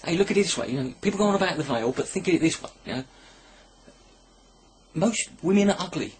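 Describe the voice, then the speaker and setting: A comedy vlogger films himself at home on his camera mic, rambling through a crude, sarcastic monologue. His voice is a little high, animated, fast, and slightly rough.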